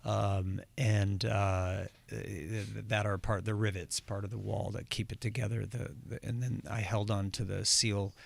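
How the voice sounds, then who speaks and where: A man as a guest on a morning radio show, chatting in a relaxed, rambling way with lots of restarts. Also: fairly low pitch, measured pace, creaky, few pauses. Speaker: guest musician and actor. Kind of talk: casual radio interview chat. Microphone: studio microphone, dry.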